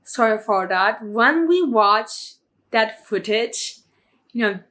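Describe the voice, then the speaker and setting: Chatty woman with a high voice. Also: lively intonation, slow pace, a bit bright. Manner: chatty and emotional, full of fillers like "you know". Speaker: movie reviewer. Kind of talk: casual movie review vlog.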